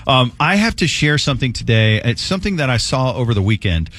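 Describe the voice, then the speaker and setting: A man's voice: medium pitch, very animated, fast talker, a bit bright. A middle-aged man from Texas hosting a morning radio show, joking around and plugging upcoming segments. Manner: jokey, self-mocking, hypes segments. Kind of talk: casual radio banter. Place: radio studio.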